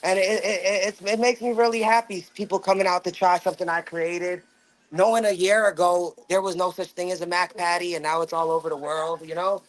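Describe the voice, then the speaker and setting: A man's voice: high-pitched, fairly even intonation, fairly quick, poor audio. A man who owns a deli, talking earnestly and upbeat about his family business while serving customers. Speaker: deli owner. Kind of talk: casual chat while serving.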